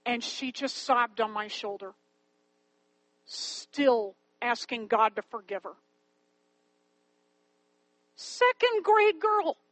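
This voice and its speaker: A woman's voice: on the high side, steady tone, slow pace, a bit bright, no echo, poor audio. A woman telling a faith-based story in an earnest, pleading way, with rhetorical questions to her listeners. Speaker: Christian storyteller and Bible memory helper.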